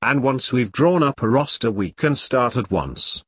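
A man's voice: mid-range voice, lively intonation, a bit bright, slightly rough, no room sound. A man reading the part of a pompous, bossy middle-aged army captain, in a dry voice. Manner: bossy, brisk, dismissive. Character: pompous self-important middle-aged male platoon captain.

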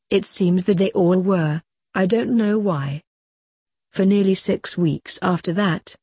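A woman narrating a storybook in a calm, measured reading voice. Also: fairly low pitch, husky, no room sound, clean studio sound. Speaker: audiobook narrator.

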